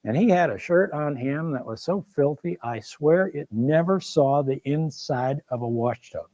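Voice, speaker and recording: A man's voice: fairly high pitch, lively intonation, normal speed, mellow, no echo, natural voice. An actor playing an older Civil War general who recounts his youth in a wry, folksy, self-deprecating stage monologue. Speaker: performer of a one-man historical show.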